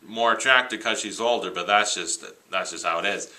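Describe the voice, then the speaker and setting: Filming himself on a handheld camera, a man rambles enthusiastically in an unscripted vlog reviewing his new films. He speaks fairly quickly in a lowish, sharp-toned voice, and the recording is rough.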